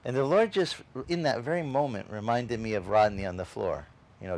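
A man's voice: fairly low pitch, a little fast. A male pastor preaching a conversational sermon. He tells a personal story and acts out the other people's lines, with frequent restarts, and speaks straight to the congregation. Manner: animated storyteller who acts out quoted dialogue, with frequent restarts; chatty, addresses the congregation directly.

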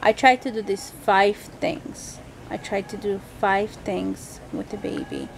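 A woman's voice: medium pitch, steady tone, slow, vocal fry, background noise. Tired chatty mother vlogging at home. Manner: chatty, talks straight to viewers, rambling. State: tired, unwell. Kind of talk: casual home vlog chat. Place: home at night.

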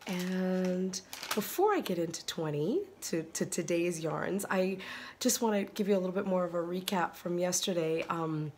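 A woman vlogging casually to her phone by a bright window at home, chatting and gushing over yarn with breathy exclamations. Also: lowish voice, normal speed, a little hiss or hum. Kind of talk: casual chat to camera. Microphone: phone camera.

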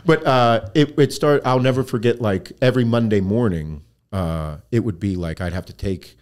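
A man's voice: lowish voice, normal speed, darkish tone. A man as a podcast guest, animatedly telling profane stories about his working past and laughing along. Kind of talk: casual storytelling interview.

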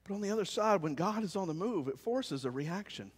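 A man preaches with a very high, ringing voice. He jumps from loud calls to hushed, low lines. The sound carries a long reverb. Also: fairly quick, breathy edge. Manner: animated, swings between shouting and quiet. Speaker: pastor. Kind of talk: sermon. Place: church service, with cars passing by.

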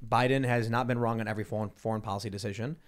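Fast-talking sarcastic man. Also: fairly low pitch. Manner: sarcastic, deadpan punchlines. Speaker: host. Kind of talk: casual panel chat.

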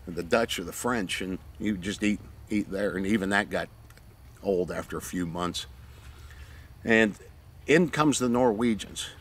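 Profane animated retired SEAL storyteller. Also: male voice, on the low side, a little hiss or hum. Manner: profane, animated, acts out the scenes. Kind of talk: casual anecdote telling.

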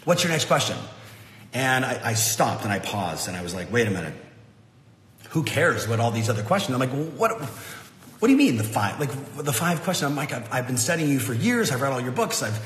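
A middle-aged man, the host, telling a motivational story in a casual, animated way, full of fillers like "like" and "you know". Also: mid-range voice, brisk, slight background noise. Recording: roomy echo with long reverb, faint ambience.

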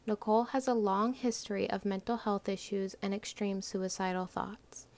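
A young woman narrating and playing a caring group home worker, calm and patient, in a student role-play scene. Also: mid-range voice, moderate pace. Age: young adult. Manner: calm, gentle, patient questioning.

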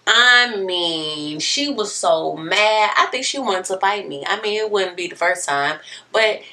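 A young adult woman vlogger telling a personal story in a candid, animated, expressive way. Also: mid-range voice, unhurried, far from the mic. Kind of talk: casual storytelling.

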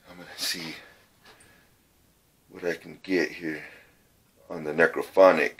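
A middle-aged man exploring an old abandoned trailer on a casual ghost-hunting vlog, talking in a halting, folksy way and repeating his words. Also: low voice, little pitch movement, fairly bright tone, breathy edge. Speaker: paranormal vlogger.

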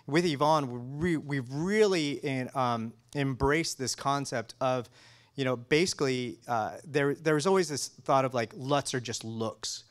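A man's voice: medium pitch, fairly bright tone. A man speaking as a color scientist guest in a casual technical interview, enthusiastic and full of restarts and fillers.

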